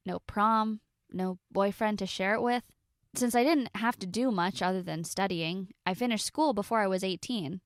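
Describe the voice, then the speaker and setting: A young woman tells her own story in a confessional way, pausing for drama. Her voice carries a steady gravelly fry. The sound is dry and close, with no room echo. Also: medium pitch. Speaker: narrator. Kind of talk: first-person story narration.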